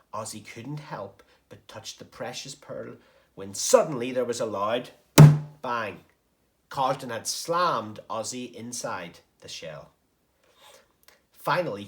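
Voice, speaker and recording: A man's voice: fairly low pitch, a bit bright. Encouraging primary teacher, man. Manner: encouraging, explains step by step. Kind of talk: recorded home-learning lesson.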